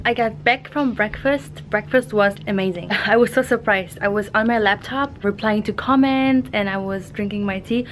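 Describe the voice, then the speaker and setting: A woman's voice: mid-range voice, moderate pace, hardly any pauses, a little hiss or hum. A young woman working as a flight attendant, chatting casually in a rambling, giggly vlog style. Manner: chatty, rambling, laughs often.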